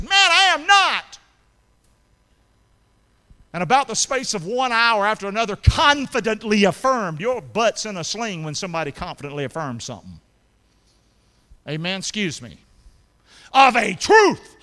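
A middle-aged man preaching a sermon as pastor, calling out questions to his congregation and rising to shouts. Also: high voice. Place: church sanctuary. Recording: long hall reverb.

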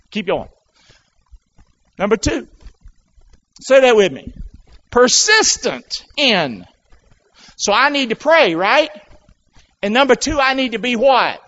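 A man preaching in a church with a high, lively voice that leaps up and down. He keeps pulling the congregation into call and response, asking them to repeat after him. The recording is dull and lo-fi. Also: unhurried, long pauses. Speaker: pastor. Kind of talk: sermon. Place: church sanctuary. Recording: dull lo-fi sound.

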